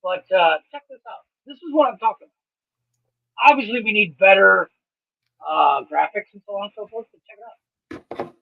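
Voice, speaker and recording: A man co-hosting a casual comedy podcast in a high voice, talking in an easygoing, offhand way. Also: animated, normal speed, creaky, pauses often, no room sound, phone-quality sound. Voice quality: high voice, self-described as sounding like a little girl. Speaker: podcast co-host.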